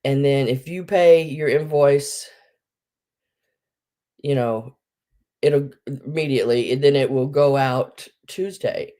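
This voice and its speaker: Slow, low-voiced groggy woman host. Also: dark tone. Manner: rambling, greets viewers by name. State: groggy morning voice, just woken up. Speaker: live sale host. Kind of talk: casual livestream chat.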